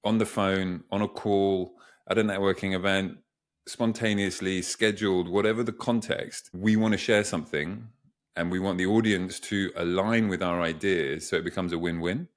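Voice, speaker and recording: A man's voice: low-pitched, steady tone, moderate pace. A man, a communication coach, answering interview questions in a reflective, storytelling way with lots of examples.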